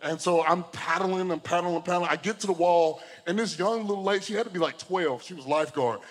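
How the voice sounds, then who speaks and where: A man preaching a sermon to a congregation, telling a story in an animated way and talking straight to the crowd. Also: high-pitched, brisk, big-room sound. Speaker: pastor. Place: church hall.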